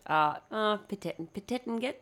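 A woman's voice: mid-range voice, lively intonation, moderate pace, fairly bright tone. A woman co-hosting a podcast in casual, rambling chat, swearing, laughing and restarting her sentences. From lives in Bali. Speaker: podcast co-host.

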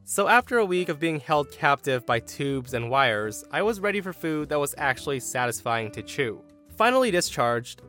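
A man narrating a podcast story with wry, theatrical timing. His voice sits a little high for a man, with soft music faintly behind him. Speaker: podcast host.

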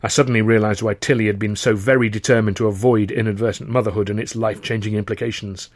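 A man reading his own novel aloud in measured, wry first-person narration. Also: on the low side, fairly even intonation, no echo.

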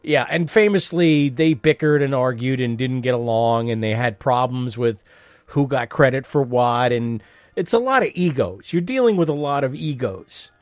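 A man hosting a podcast, chatty and animated, asking questions and swearing casually. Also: mid-range voice, normal speed, dry recording. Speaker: podcast host.

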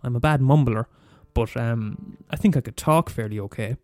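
A young Irish man ranting profanely on his podcast, talking fast and mumbling. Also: mid-range voice, dark tone, no echo. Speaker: podcast host. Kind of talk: casual solo rant.

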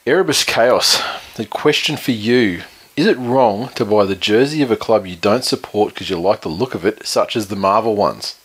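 A man's voice: fairly low pitch, fairly bright tone, breathy edge. A man hosting a podcast, rambling and swearing freely in casual banter. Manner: rapid, profane, rambling. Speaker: podcast host.

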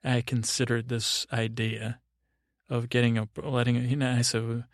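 A man's voice: mid-range voice, level tone, moderate pace, dry recording, studio quality. A middle-aged man hosting a podcast, telling a meandering bedtime story full of fillers and restarts. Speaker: podcast host.

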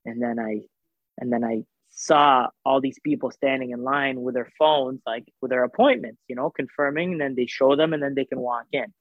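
A man telling a story in casual chat, animated, acting out the voices of the people in it, with lots of fillers. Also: medium pitch, normal speed, dry recording. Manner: animated, acts out quoted voices, filler-heavy. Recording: tinny phone-like sound.

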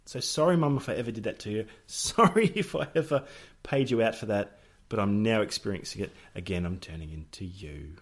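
Middle-aged Australian man, deep and husky, casual podcast storyteller. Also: expressive, a little fast. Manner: jokey, laughs often, acts out family members' voices. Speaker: podcast co-host.

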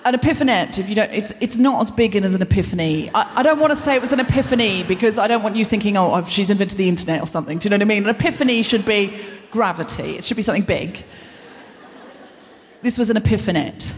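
A woman's voice: medium pitch, expressive, fast, slight background noise. A woman hosting a live comedy show, giving a self-deprecating stand-up monologue full of rambling asides, in a large concert hall before an audience. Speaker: host.

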